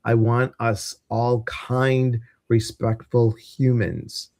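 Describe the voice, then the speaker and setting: A man's voice: medium pitch, level tone, extremely slow, vocal fry, a little mellow, no echo, clean studio sound. A man with a Midwestern American accent hosting a casual live stream, chatty and rambling, with plenty of ums and uhs. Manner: chatty, rambling, many fillers. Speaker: host.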